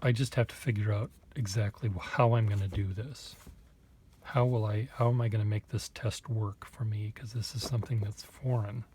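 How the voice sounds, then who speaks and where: A man's voice: fairly low pitch, steady tone, a little mellow, slight background noise. Musing, self-deprecating man vlogger. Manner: halting and self-deprecating, muttered asides. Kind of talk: casual thinking aloud to camera.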